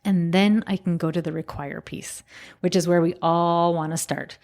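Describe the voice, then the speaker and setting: Lively woman homeschool coach. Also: fairly low pitch, normal speed. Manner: enthusiastic, acts out quoted dialogue. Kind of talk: casual podcast interview.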